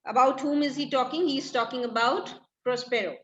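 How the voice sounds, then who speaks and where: A woman's voice: sits high, brisk, lo-fi sound. A woman teacher explaining a play line by line, paraphrasing each line and asking and answering her own questions. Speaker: English literature teacher. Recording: echoey room.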